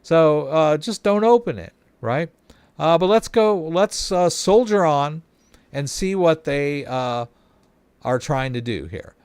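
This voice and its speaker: A man's voice: on the high side, lively intonation, slow, darkish tone, clear, resonant tone, no room sound. A man hosting a casual walkthrough, chatty and explanatory, often checking in with the listener. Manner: chatty, explains with frequent tag questions. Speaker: host. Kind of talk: casual screen-share walkthrough.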